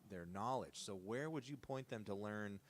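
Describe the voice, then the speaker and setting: A man's voice: lowish voice, moderate pace. A man hosting a casual interview, asking long winding questions full of asides. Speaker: host.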